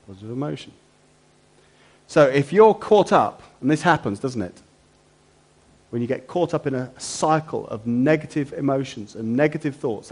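A man's voice: mid-range voice, a little mellow. A preacher giving a sermon, a man who keeps asking his listeners rhetorical questions.

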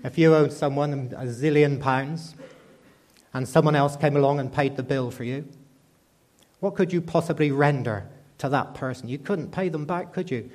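A man preaches at a moderate pace in a voice on the high side with a darkish tone. He addresses the congregation conversationally, often asking them rhetorical questions.

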